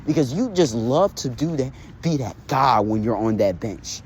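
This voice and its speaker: A man's voice: medium pitch, lively intonation, normal speed, a little mellow, slight background noise. A young man managing a fantasy league team, delivering a heated, mocking rant full of repetition. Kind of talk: casual trash-talk rant.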